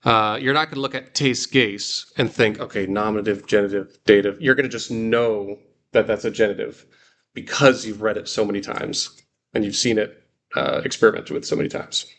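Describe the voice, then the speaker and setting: A man's voice: on the low side, normal speed, a bit bright, slight background noise. A man leading a guided reading class, explaining step by step with frequent fillers and restarts. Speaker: Greek teacher.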